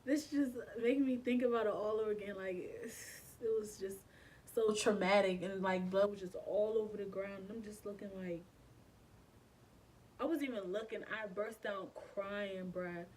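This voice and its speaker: A woman's voice: mid-range voice, fairly even intonation, normal speed, darkish tone, distant mic, slight background noise, low-quality recording. A young woman, telling a painful personal story in a casual, emotional way, with frequent swearing and slang. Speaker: vlogger. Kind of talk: storytime vlog.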